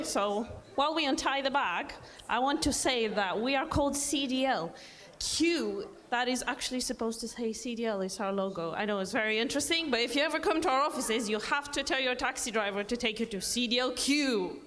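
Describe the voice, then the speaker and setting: A woman speaks from the stage for a sponsor, chatty, friendly and upbeat. Her voice is high. It trails off in the long reverb of a big hall. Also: a little fast, fairly bright tone. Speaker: sponsor representative and mentor. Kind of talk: stage speech at an event. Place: large indoor event hall.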